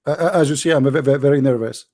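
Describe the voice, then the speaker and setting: A man's voice: mid-range voice, fast talker, mellow. A man hosting a live call-in debate show, mocking and stammering often as he talks.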